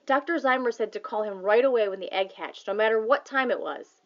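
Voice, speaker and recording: A woman voicing an excited young boy who rushes to explain things, for a storybook reading. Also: a little high, highs cut off, natural voice. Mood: eager. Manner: eager, rushing to explain.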